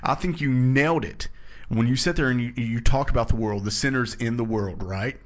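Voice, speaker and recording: Reading scripture aloud at a moderate pace, this mid-range-voiced man guides a relaxed Bible study. His explanations of the verses come across as earnest and emphatic.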